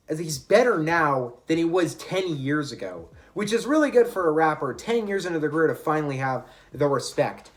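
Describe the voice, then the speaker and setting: Opinionated chatty male music reviewer. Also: a little high. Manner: opinionated, chatty, frequent self-corrections. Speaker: album reviewer. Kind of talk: casual music review monologue.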